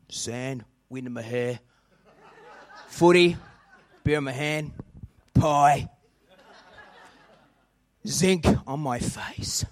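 A man's voice: on the high side, voice pushed down. A man with an Australian accent playing a carefree, easygoing Australian bloke who talks in a slangy drawl. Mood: laid-back.

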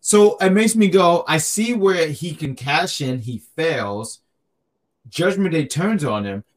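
Slow-paced and fairly high-pitched with lively intonation, a male podcast co-host jokes his way through a casual wrestling chat. He is animated and tends to repeat himself.

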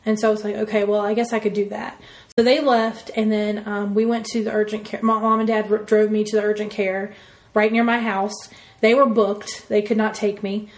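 A woman's voice: mid-range voice, flat delivery, brisk. A woman telling a personal story in casual conversation, rambling with lots of fillers and acting out what people said. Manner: rambling, full of "like" and "you know", acts out quotes. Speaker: interviewee.

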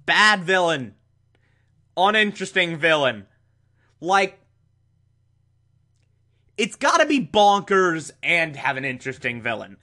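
A man recaps and reviews an old TV episode in a casual monologue, sounding sarcastic and exasperated. He jumps suddenly in pitch for emphasis, and his tone is sharp.

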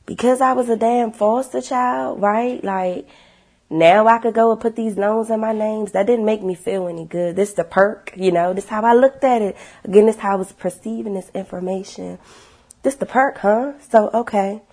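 Husky-voiced woman telling her story emphatically. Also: medium pitch, normal speed. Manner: animated and emphatic, blunt, swears freely. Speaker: motivational speaker sharing her story. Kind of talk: casual personal testimony to viewers.

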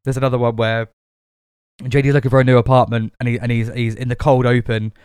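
A man's voice: medium pitch, level tone, fast, darkish tone, clear, resonant tone, no room sound, clean studio sound. A young man, co-hosting a casual chat, rambling with restarts and laughing often as he talks. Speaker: podcast co-host.

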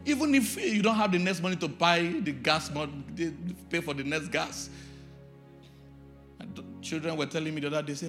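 A man, a pastor, preaching a sermon with shouted lines and sing-song call-and-response. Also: fairly high pitch, lively intonation, moderate pace, soft background music.

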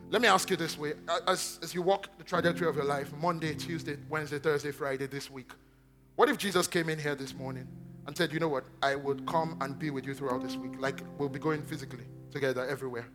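A man preaching a lively sermon. He jumps between loud exclamations and hushed asides, and he acts out the quoted voices. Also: a little high.

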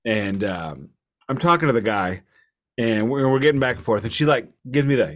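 Podcast co-host, man, mid-pitched, rambling and self-deprecating, casual chat. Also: lively intonation, fairly bright tone. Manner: rambling storyteller, quick bursts, self-deprecating. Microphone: computer mic from home.

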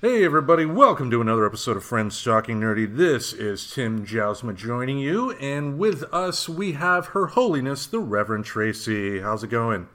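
A man's voice: medium pitch, sing-song, moderate pace, few pauses, fairly bright tone. A man hosting a casual podcast, talking loosely with plenty of fillers and the odd curse word. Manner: loose, swearing, lots of fillers. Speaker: podcast host. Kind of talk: casual chat.

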